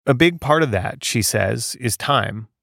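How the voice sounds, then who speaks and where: A man co-hosting a podcast, narrating a script with measured, pointed commentary. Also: medium pitch, lively intonation, creaky, a bit bright, no room sound, clean studio sound. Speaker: podcast co-host.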